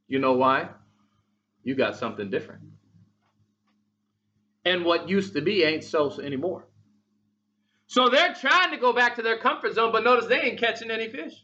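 A man's voice: a little high, pushed and bright, dull audio. A man preaching a sermon in a conversational way, asking many rhetorical questions of his congregation.

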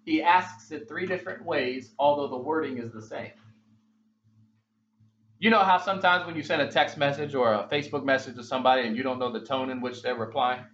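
A man's voice: mid-range voice, brisk, fairly bright tone, dull audio, a little hiss or hum. A man preaching a sermon in a conversational way, asking many rhetorical questions of his congregation.

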